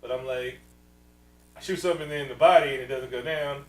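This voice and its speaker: Guy cohosting a movie podcast, loud and laughy, cusses a lot, roomy echo. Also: mid-range voice, brisk, distant mic. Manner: loud, laughing, swears freely, acts out scenes. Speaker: podcast co-host. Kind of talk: casual movie recap chat.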